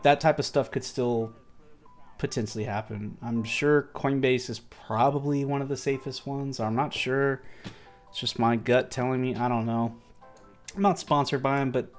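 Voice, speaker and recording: A tired man hosting a casual livestream market review, talking loosely with slang and restarting his sentences. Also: medium pitch. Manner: rambling, loose, self-correcting, slangy. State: tired and yawning. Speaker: crypto market stream host.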